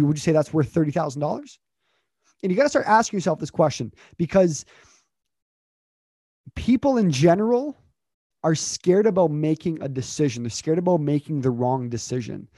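A man with a slightly raised, mellow voice leads a motivational talk as a communication coach. He speaks with energy, repeats himself and stacks question after question. The sound is dry and close. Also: fairly high pitch, dry recording. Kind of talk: motivational interview chat.

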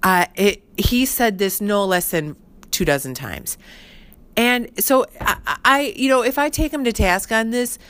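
A woman's voice: medium pitch, animated, a little slow, a bit bright, no echo. A middle-aged woman telling a rambling personal story in casual chat, full of "like" and "you know". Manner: chatty, heavy use of fillers like "like" and "you know". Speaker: podcast host.

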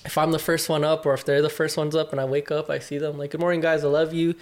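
A man's voice: a little high, level tone, fast talker. Young guy on a podcast, candid and loose, says like a lot, cusses some. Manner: open and reflective, many "like" fillers, swears casually. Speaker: podcast guest. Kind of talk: candid conversation.

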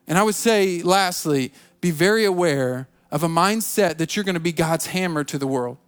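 A man's voice: fairly high pitch, normal speed, smooth. A man preaching a sermon as a pastor, repeating himself and restarting his phrases, acting out people's excuses. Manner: repetitive, stammering restarts, acts out quoted excuses.

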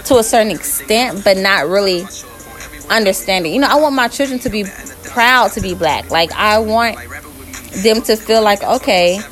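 A woman's voice: mid-range voice, fairly bright tone, faint music behind. A woman vlogger answering viewer questions in a candid, casual way. She speaks her mind plainly and often breaks into laughter. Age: adult mother. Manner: frank and opinionated, slow and deliberate, often breaks into laughter.

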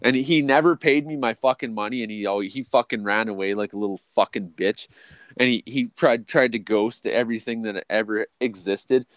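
Co-hosting a podcast, a man tells a long story in casual chat, swearing constantly, restarting sentences, and tagging lines with "or whatever, right?" When quoting people, he shifts to a much higher, louder voice. He speaks briskly, and the recording is dry.

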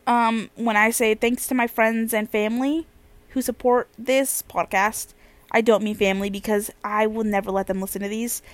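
A woman's voice: fairly high pitch, steady tone, normal speed, dry recording. A young woman hosting a casual solo podcast, rambling and repeating herself as she chats. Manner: rambling, repetitive, chatty. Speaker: podcast host.

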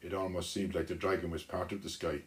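A man telling a children's story aloud, unhurried, with small restarts. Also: deep voice, flat delivery.

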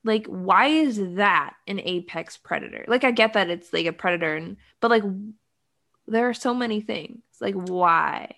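A woman chatting casually about a film, her voice settling into a gravelly vocal fry. She rambles wryly and leans on "like" between every thought. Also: mid-range voice, moderate pace, a bit bright. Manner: rambling, full of "like" fillers, wry. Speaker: podcast co-host recapping a film. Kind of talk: casual chat.

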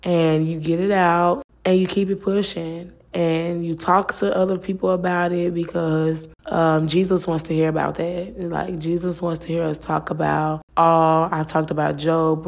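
A woman's voice: low-pitched, gravelly. A woman hosting a faith-based talk podcast, speaking earnestly and casually, repeating phrases and filling with "like". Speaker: podcast host.

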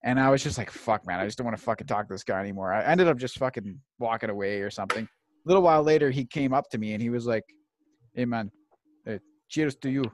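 A man's voice: medium pitch, fast talker, a little hiss or hum. A man in casual chat, telling a story in a laid-back way with plenty of swearing.

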